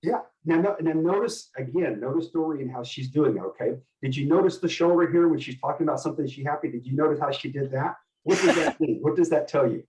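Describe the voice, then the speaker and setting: A middle-aged man coaching a group in communication, animated and asking the group many questions. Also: on the high side, a little fast, hardly any pauses, far from the mic, poor audio. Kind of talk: teaching a group session.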